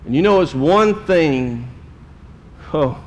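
A man's voice: on the high side, lively intonation, takes it slowly, a little mellow, a little hiss or hum. A middle-aged man, a pastor telling a story in a sermon in a folksy, emotional way. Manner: folksy, emotional storytelling with drawled Southern phrases.

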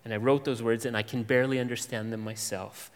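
A man preaching an expository sermon as pastor, measured and emphatic, with dramatic pauses and long lists. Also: mid-range voice, steady tone, big-room sound.

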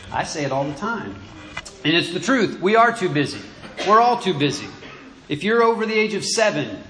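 A man's voice: medium pitch, a bit bright, slight background noise. Stammering preacher man in an echoey room. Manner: halting, stammers and repeats words. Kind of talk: sermon. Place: church.

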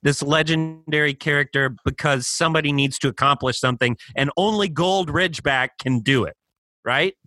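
A man's voice: on the high side, moderate pace, sharp tone, no echo. A man co-hosting a podcast in casual chat, building his points thoughtfully and checking in with his partner. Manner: thoughtful, builds arguments with "right?" and "you know". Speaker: podcast co-host.

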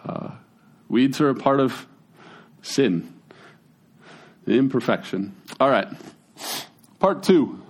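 A man, giving a casual, conversational sermon as a pastor, with folksy, animated storytelling. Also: mid-range voice, takes it slowly, long pauses.

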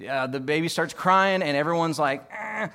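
Fairly high-voiced emphatic male pastor. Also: moderate pace, clean tone. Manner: emphatic, rising to loud peaks then dropping soft; tells homely family stories. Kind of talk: sermon.

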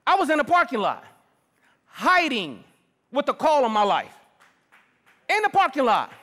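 A middle-aged man preaching a sermon as pastor, lively and personal, calling on the congregation. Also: very high-pitched, a little slow. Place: large church hall. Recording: long reverb of a big hall.

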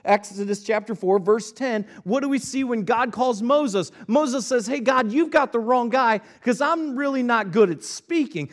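A man's voice: extremely high pitch, lively intonation, a little slow, few pauses. A male pastor preaching a sermon, reading scripture aloud and retelling it in earnest, conversational words.

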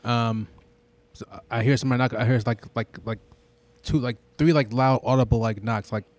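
A man's voice: medium pitch, fairly even intonation, brisk, background noise. A man casually telling a story on a podcast, profane and full of filler words. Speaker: podcast co-host.

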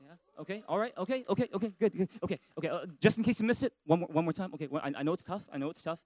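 A male pastor delivering a lively, playful sermon, telling stories and leading his congregation in call-and-response. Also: high-pitched, rapid-fire, no echo, low-quality recording. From Canada. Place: church sanctuary.

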